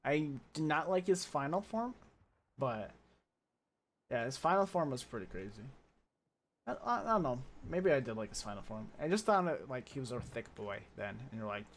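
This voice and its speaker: A man talking casually over his own gameplay, chatty and self-mocking, with sudden loud bursts of frustration. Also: mid-range voice, sing-song, moderate pace. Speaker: gaming streamer.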